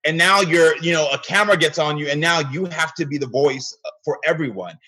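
Earnest male guest, husky, relives conversations as he tells them. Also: on the high side, fairly quick, sharp tone. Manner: earnest storyteller, acts out quoted exchanges. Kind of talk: casual interview conversation.

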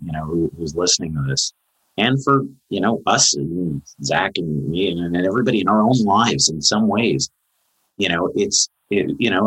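Therapist guest, male, low husky bright voice, rambling earnest podcast talker. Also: poor audio. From Canada. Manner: rambling, earnest, many fillers, high-pitched when quoting. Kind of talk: casual podcast conversation.

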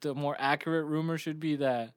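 A man's voice: a little high, fairly even intonation, brisk, smooth, no echo, clean studio sound. A man co-hosting a podcast in casual chat, joking loosely with plenty of fillers and swearing, a little out of breath. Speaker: podcast co-host.

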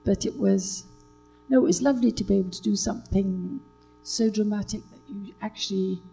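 An older British actress tells stories as a guest in a relaxed chat, hesitating often with fillers and restarts. Her medium-pitched voice is husky and a little fast, with faint music behind and poor audio quality.

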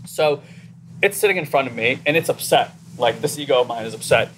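Fast-talking man telling a story. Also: mid-range voice, a little hiss or hum. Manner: animated, acts out inner dialogue. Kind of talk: casual conversation, personal storytelling.

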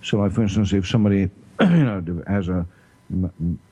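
A man with a South African accent explaining health topics in casual chat, pausing often with "you know" and clearing his throat. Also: sits low, steady tone, warm tone, muffled recording. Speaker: health talk host.

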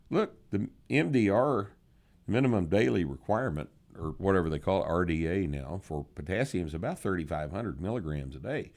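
Blunt, deep-voiced man giving gruff advice. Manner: blunt, profane, sardonic, with drawn-out emphasis. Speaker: podcast host answering listener questions. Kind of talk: casual podcast advice.

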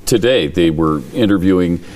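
A man's voice: deep voice, moderate pace. A man co-hosting a talk show, telling stories in a casual chat and acting out the people he quotes. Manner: lively storytelling, acts out quoted people. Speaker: co-host.

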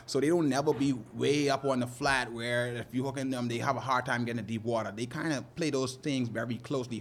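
A man's voice: medium pitch, slight background noise. A man working as a fishing guide, talking loosely and animatedly in an interview, often laughing. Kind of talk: casual interview talk.

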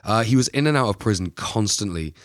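A man with a lowish voice co-hosts a casual true-crime chat, rambling playfully through the story. The sound is close and dry. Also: lively intonation, fairly quick, no echo. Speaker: podcast co-host.

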